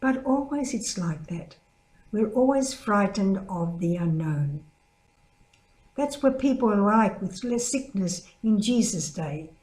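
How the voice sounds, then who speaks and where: An older woman with a mellow, soft-edged voice tells a story as part of a spoken reflection. She brings the quoted people to life by raising her pitch. The recording carries a noticeable room echo. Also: expressive, slow pace. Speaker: religious sister giving a reflection. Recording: echoey room.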